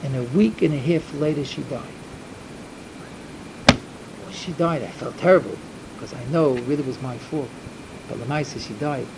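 A man telling a religious folk tale in the first person, slow and dramatic at times. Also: mid-range voice, gravelly, noisy background. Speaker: storyteller.

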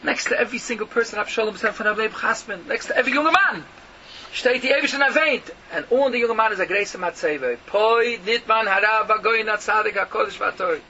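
A man's voice: high voice, fast talker, sharp tone. A man giving an emphatic yeshiva-style Torah lecture, firing rhetorical questions and mixing in Yiddish and Hebrew terms. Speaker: rabbi giving a Torah talk. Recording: muffled lo-fi recording with noticeable background noise.

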